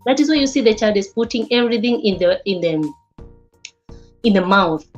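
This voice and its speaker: Halting woman teacher lecturing a class. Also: medium pitch, animated, faint music behind. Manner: halting, repeats and restarts words often. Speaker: teacher of early childhood development. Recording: slightly dull lo-fi recording.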